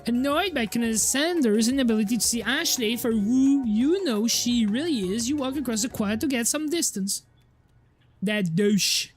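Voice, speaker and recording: French-accented girl streaming a game, high voice, swears a bit, chats to chat. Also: animated, normal speed, few pauses, darkish tone, soft background music. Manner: casual, swears, reacts to chat. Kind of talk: reading a game aloud on stream.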